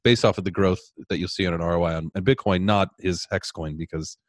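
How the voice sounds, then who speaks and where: A man co-hosting a podcast in casual chat, halting and repeating himself, with wry quips. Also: deep voice, fairly even intonation, dry recording. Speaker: podcast co-host.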